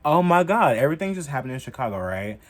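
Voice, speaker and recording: A young man giving heated, profane political commentary in a casual vlog, filling his talk with "like" and getting loud as he goes. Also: fast, noisy background. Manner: heated and profane, heavy use of "like"; animated, jumping in pitch and loudness.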